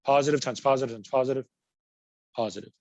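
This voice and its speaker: A man's voice: medium pitch, fast, darkish tone, no echo, muffled recording. A man teaching a college math class, patiently working through examples and repeating key words. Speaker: math instructor. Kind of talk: recorded class lecture.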